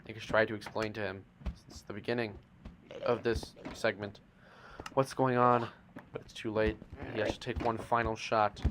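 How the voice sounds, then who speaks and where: A man with a lowish voice narrates gameplay for a game series at normal speed, his delivery flat. He's playful and mock-dramatic, tossing teasing asides to viewers, and the home mic is noisy with clicks.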